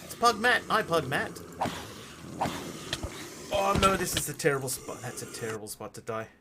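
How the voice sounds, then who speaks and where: A man's voice: fairly high pitch, very animated, moderate pace, heavy background noise. A man streaming a game live, chatting casually and greeting viewers while he plays. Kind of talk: live gameplay commentary.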